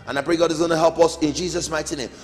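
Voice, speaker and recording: A man's voice: a little high, fairly even intonation, racing. A middle-aged man teaching a Sunday school Bible lesson, emphatic, with rising calls and falling amens. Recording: long hall reverb, faint music.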